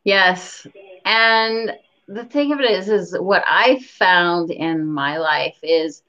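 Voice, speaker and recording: Slow, earnest woman on lo-fi audio. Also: lowish voice, pushed and bright. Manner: earnest, deliberate, repeats phrases. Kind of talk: casual conversation. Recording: dull lo-fi audio.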